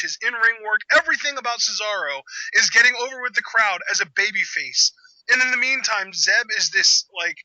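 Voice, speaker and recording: A man hosting a casual live reaction chat, with sarcastic, quick banter. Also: sits high, sharp tone, no echo. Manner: sarcastic, fast-talking banter. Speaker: channel host. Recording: dull lo-fi audio.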